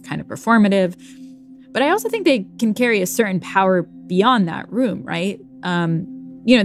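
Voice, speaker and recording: A woman co-hosting a talk podcast, thinking aloud in a casual, chatty way. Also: medium pitch. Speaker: podcast co-host. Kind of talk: conversational radio chat.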